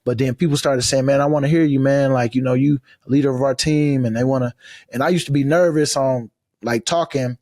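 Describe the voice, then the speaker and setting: A man in his thirties chatting casually as a podcast guest, loose and drawling, breaking into high loud laughs. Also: fairly even intonation, a little fast, no echo, studio quality. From United States. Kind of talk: casual chat.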